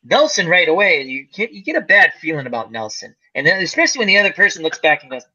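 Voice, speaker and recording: Animated storytelling man on a lo-fi call. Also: a little high, fast. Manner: animated storyteller, acts out quotes, swears. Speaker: podcast co-host telling a story. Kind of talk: casual chat.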